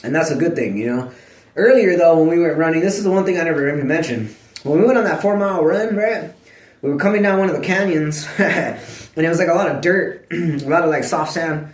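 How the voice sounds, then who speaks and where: A man vlogging in casual chat, rambling and swearing, full of filler words and frequent throat clearing. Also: on the high side, brisk. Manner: clears his throat often. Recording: echoey room.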